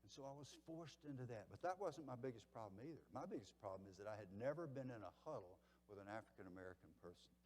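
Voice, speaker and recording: A man in his seventies with a Southern accent gives a motivational keynote at a banquet, telling stories dramatically and swinging from hushed to loud. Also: fairly low pitch, animated, fast, hardly any pauses, big-room sound, a little hiss or hum. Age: 70s. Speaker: keynote speaker. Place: large banquet hall.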